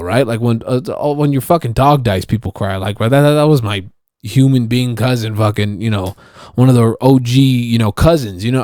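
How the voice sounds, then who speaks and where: A man's voice: lowish voice, darkish tone, no echo, clean studio sound. A young man ranting on his solo podcast in a casual, profane, rambling way, often restarting his sentences. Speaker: podcast host.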